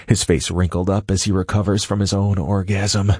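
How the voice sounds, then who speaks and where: A man with a very low voice and a breathy edge narrates a first-person audiobook, steady and measured throughout. The recording is close and dry, carrying no room sound.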